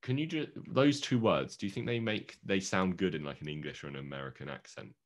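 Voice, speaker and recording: A man co-hosting a podcast in casual chat, with a bass voice, teasing and laughing often. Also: a little fast. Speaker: podcast co-host.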